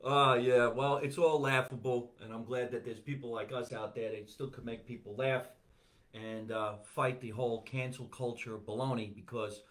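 A man's voice: medium pitch, steady tone, moderate pace. A man hosting a comedy podcast, chatting casually in a joking, crude, playful way.

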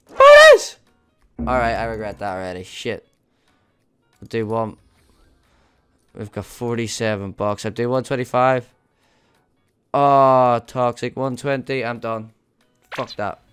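An excitable man narrates his slot spins live for his viewers, swearing freely and calling out to "the boys". His voice is smooth and clear, in an ordinary middle register, with faint music playing underneath. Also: medium pitch, unhurried, long pauses. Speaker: gambling streamer. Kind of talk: live slot-play commentary.

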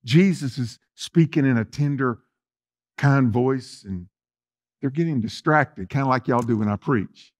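A male pastor, preaching a sermon in a folksy way, talking straight to the congregation and swinging between loud emphasis and soft asides. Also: medium pitch, unhurried.

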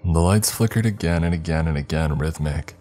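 Very deep-voiced male horror narrator. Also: normal speed, dark tone, faint music behind.

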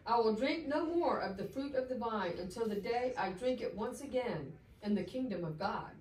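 A woman voicing a gentle, solemn male teacher. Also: on the high side, animated, normal speed, close to an everyday voice. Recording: roomy, distant mic, faint background hum.

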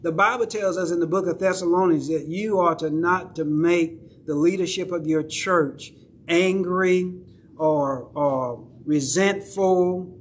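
A high-pitched male pastor with a Southern accent keeps a measured pace while preaching in a church sanctuary. His sermon is conversational, with check-ins to the congregation, and a little hiss or hum runs under the recording.

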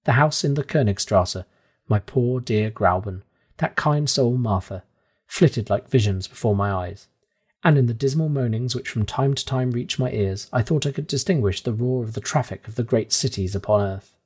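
A man reading a classic novel aloud in calm, measured audiobook narration. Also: mid-range voice, slightly rough.

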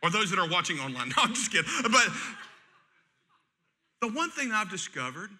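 A middle-aged man, preaching a sermon in a folksy, joking and animated way. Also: sits high, normal speed, pauses often. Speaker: pastor.

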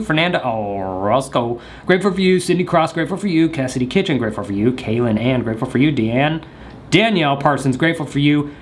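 A man's voice: fairly high pitch, a little hiss or hum. A young man vlogging, rambling and joking straight to the camera in a goofy comedic monologue.

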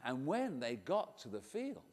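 A man from Singapore telling a story to children, taking the boy's part and swinging from hushed to shouting. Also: mid-range voice, unhurried, in a large hall. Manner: animated, with big swings between hushed and shouted. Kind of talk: live storytelling to children, playing the boy.

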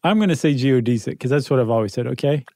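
A man's voice: mid-range voice, lively intonation, rapid-fire, darkish tone, no echo. A man co-hosting a podcast in casual chat, playful and bantering, a little worn out, speaking into a close studio microphone. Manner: playful, bantering, tired-sounding. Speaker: podcast co-host.

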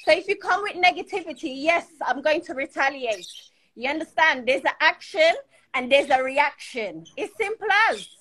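A woman's voice: sits high, expressive, moderate pace, pushed and bright. A woman, arguing and cursing on a live stream, boastful and confrontational. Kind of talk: heated live-stream argument. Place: at home in the UK.

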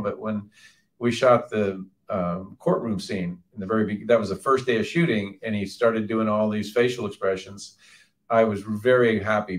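Distant-sounding director in a theater Q&A. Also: male voice, lowish voice. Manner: relaxed storytelling, halting restarts. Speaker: film director and writer. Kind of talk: live audience Q&A.

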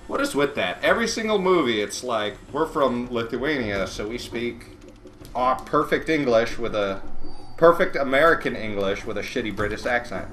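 A man hosting a let's play, chatting casually and sarcastically over the game, with sudden loud shouts when the action heats up. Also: medium pitch, moderate pace. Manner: rambling, sarcastic, bursts into loud excited shouts during fights. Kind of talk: casual gameplay commentary. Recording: game audio and noise behind the voice.

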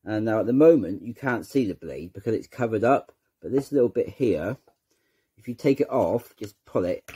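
Guy showing how a gadget works, low mellow husky voice, stops and repeats himself a lot. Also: animated, moderate pace. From United Kingdom. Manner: hesitant, repeats words while handling the object. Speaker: channel host demonstrating a product. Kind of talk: unscripted how-to demonstration.

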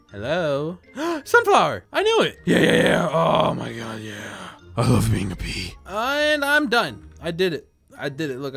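Goofy young man with lively pitch. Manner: goofy, deadpan jokes with sudden loud outbursts. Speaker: gaming YouTuber. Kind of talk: joking gameplay commentary. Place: home desk at night.

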